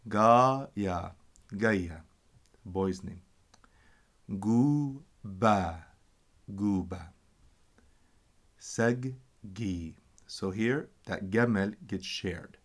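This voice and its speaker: Man, teacher, low voice, slow delivery, patient step-by-step explanations. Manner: patient, stops to explain and correct himself. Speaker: language teacher. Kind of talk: slow explanatory reading lesson.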